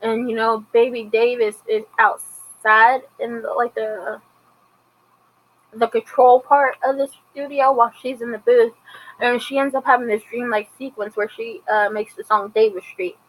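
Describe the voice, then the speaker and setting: A woman with a fairly high voice recaps a TV episode in loose, casual commentary. She retells it chattily and slips into the characters' lines as she goes. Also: fairly even intonation, measured pace, low-quality recording. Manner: chatty retelling with acted-out quotes. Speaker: TV episode reviewer.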